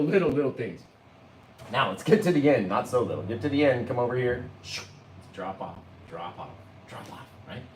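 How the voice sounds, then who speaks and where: Chatty man with a lively voice. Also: mid-range voice, reverberant, slight background noise, low-quality recording. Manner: chatty, addresses viewers as "guys"; talks through each brushstroke step by step. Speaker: painting instructor. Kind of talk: live painting tutorial.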